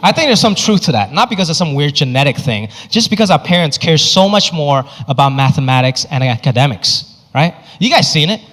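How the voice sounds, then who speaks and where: A man's voice: fairly high pitch, very animated, fairly quick, few pauses, fairly bright tone. A male stand-up comedian telling punchy anecdotes and acting out the people in them. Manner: punchy anecdotal delivery, acts out characters. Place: comedy stage. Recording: reverberant venue with background noise.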